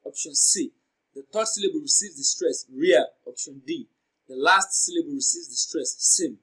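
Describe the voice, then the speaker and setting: Exam tutor, male, fairly high voice, deliberate and methodical, drills words by repeating them slowly. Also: fairly bright tone, slightly rough, rough recording. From Nigeria. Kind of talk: lesson on exam questions.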